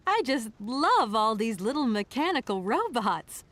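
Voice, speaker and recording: A young American woman traveling alone in an adventure game, asking direct questions. Her American accent is clear and her voice sits a little high. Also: very animated, unhurried, fairly bright tone, dry recording. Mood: curious. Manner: direct, inquisitive.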